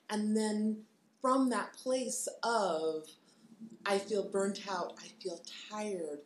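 A woman's voice: medium pitch, echoey room. A woman co-hosting a casual chat, encouraging and reflective, sometimes laughing as she speaks. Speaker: podcast co-host.

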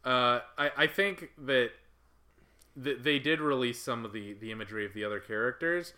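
A man's voice: mid-range voice, normal speed, sharp tone. A man co-hosting a casual podcast chat, speaking thoughtfully with many hesitations and restarts. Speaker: podcast co-host.

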